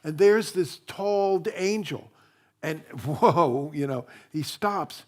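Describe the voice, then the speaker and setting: A minister giving a sermon in a chatty storytelling way, full of fillers and restarts. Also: male voice, a little high, animated, slow, a little mellow.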